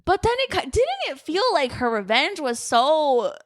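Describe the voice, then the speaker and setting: A woman's voice: high voice, big pitch swings, unhurried, no room sound, studio quality. A young woman co-hosting a book podcast, chatting casually and acting out characters' lines with lots of swearing. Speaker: podcast co-host.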